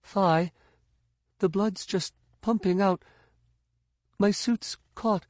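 Man voicing a bleeding young woman, weak and strained, high. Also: fairly even intonation, drawn-out words, a little mellow, dry recording, studio quality.

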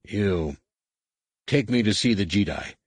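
A man voicing a cold, menacing alien warrior commander who speaks slowly and with measured threat, in a husky voice. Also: on the low side, animated, dry recording. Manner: slow, measured, coldly threatening.

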